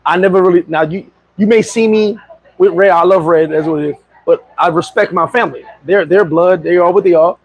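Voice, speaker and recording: A middle-aged man telling a story casually on a livestream, boastful and animated, laughing and swearing often. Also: high-pitched, brisk, no echo, poor audio. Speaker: vlogger.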